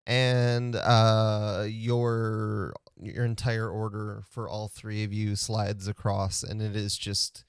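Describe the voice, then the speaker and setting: Guy running a tabletop game, slow and easy, lots of ums, smooth dry voice. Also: on the low side, dry recording. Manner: relaxed, halting with fillers. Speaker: game master.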